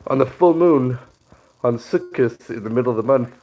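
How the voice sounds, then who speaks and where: A man's voice: medium pitch, normal speed, darkish tone. Breathless man coughing through a casual talk. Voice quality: throat sounds clogged. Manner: rambling, self-correcting, uses "like" often. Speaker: speaker explaining holiday teachings. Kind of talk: casual spoken teaching monologue.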